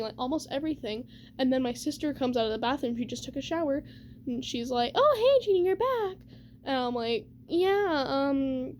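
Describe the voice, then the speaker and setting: High-voiced young woman telling a story. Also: darkish tone, a little hiss or hum. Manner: rambling, chatty, many fillers like "like" and "whatever". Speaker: vlogger. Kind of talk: casual storytime.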